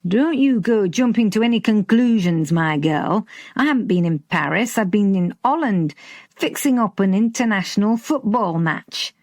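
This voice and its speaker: A woman's voice: mid-range voice, expressive, normal speed, darkish tone, dry recording, clean studio sound, pitched above the performer's own voice, close to an everyday voice. A woman reading an audiobook, voicing a blunt, teasing older man from Yorkshire with a Yorkshire accent. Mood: bluff. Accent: Yorkshire, as put on. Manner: bluff, teasing, plain-spoken.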